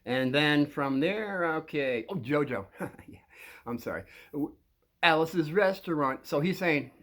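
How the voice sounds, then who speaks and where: An older man telling rambling stories to viewers, halting and repeating words, often chuckling as he goes. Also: on the high side, expressive, fairly bright tone. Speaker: channel host telling stories.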